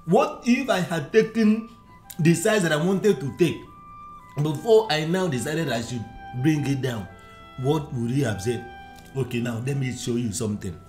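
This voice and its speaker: Man, fairly high voice, stammering, pleading, roomy echo. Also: animated, moderate pace, darkish tone, soft background music. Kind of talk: comic film scene.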